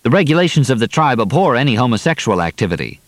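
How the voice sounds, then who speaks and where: A man reading the part of a composed young male prisoner, with clipped, formal speech slightly higher than his own voice. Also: big pitch swings, quick pace, no room sound, natural voice.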